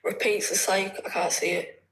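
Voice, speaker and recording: A woman's voice: medium pitch, fairly even intonation, brisk, a bit bright, a little hiss or hum. A woman with an English accent calls in to a livestream. She speaks hesitantly and mumbles, filling her speech with "uh" and "like". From England. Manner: hesitant, mumbling, many fillers. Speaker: guest caller. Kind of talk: casual chat.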